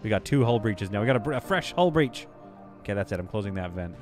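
A man's voice: on the low side, lively intonation, fast talker, soft background music. A man streaming a game live, giving exasperated, self-mocking play-by-play commentary with sudden outbursts.

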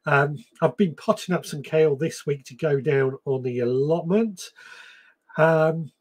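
A man's voice: a little high, a little slow. Chatty man hosting a live stream. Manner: chatty, relaxed, with frequent ums and restarts. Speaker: podcast host. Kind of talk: live-stream chat reading viewer comments.

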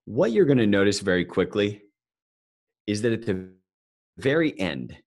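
Joking with the audience as he goes, a man gives a live talk on finance in a relaxed, conversational manner. His voice is lowish, swings widely in pitch, and moves at a moderate speed.

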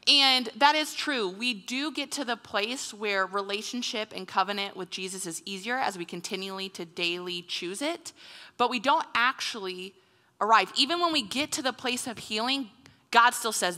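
A woman's voice: a little high, expressive, moderate pace, sharp tone. A woman pastor in her thirties preaching a conversational sermon in a church, often acting out the voices of the people she quotes. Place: church sanctuary. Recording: long hall reverb.

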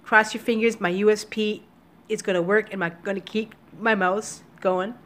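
A woman talking to her viewers in a casual daily vlog from home, emotional and teary, speaking haltingly with many restarts into a computer webcam. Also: mid-range voice, fairly even intonation, a bit bright. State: upset and teary. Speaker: vlogger. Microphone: computer webcam recording.

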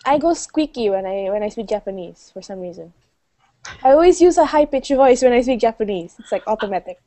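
A woman guest in a casual online chat, giggly and excitable, mixing English and Japanese. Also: a little high, brisk, dry recording.

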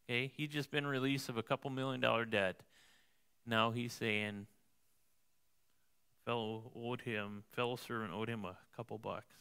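A male pastor delivering a sermon in a church, his voice bright and crisp with a clean, resonant tone. He reads a passage, then explains it in a loose, conversational style and checks in with his listeners as he goes. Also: mid-range voice, steady tone, normal speed, pauses often. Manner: conversational preaching, tags lines with "right?".

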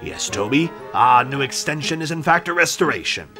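A man doing Sir Topham Hatt, a stern booming director. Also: animated, normal speed, music in the background, natural voice. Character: stern but kindly railway director, older man.

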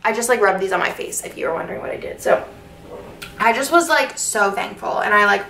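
A woman's voice: medium pitch, a little fast, gravelly, bright, forceful tone, echoey room, far from the mic, a little hiss or hum. A young woman chatting casually through a sticker haul video, gushing and filling her talk with "like". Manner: gushing, chatty, lots of fillers. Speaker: planner sticker vlogger.

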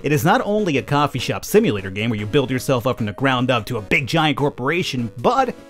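A man hosting a let's play, commenting on a game in an animated, joking way and laughing often. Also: medium pitch, quick pace, soft background music. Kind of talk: gameplay commentary.

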